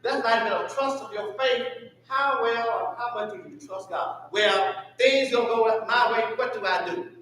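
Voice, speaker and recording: A Southern man leads a church Bible lesson, calling questions out to the class and answering them. His voice sits high and bright. He is heard from a distance in a very echoey church room. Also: moderate pace, slight background noise. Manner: call-and-response questioning. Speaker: Sunday school teacher. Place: church hall.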